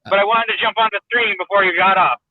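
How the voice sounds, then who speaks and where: A man's voice: sits high, fairly even intonation, fast. A man calling in to a livestream while driving his car, chatting casually and upbeat. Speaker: guest calling in. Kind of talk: casual chat. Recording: tinny phone-line call.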